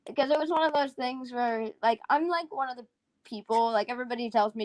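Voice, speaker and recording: A woman's voice: fairly high pitch, fast talker, darkish tone, dry recording, low-quality recording. A tired woman co-hosting a livestream in casual chat, rambling and restarting her sentences. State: tired, yawning. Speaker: livestream co-host.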